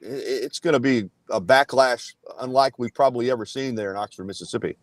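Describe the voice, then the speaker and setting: Male sports guest, mid-pitch, earnest, dry close mic. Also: a little fast, no echo. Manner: earnest, filler-heavy analysis. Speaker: guest analyst. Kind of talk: casual sports talk.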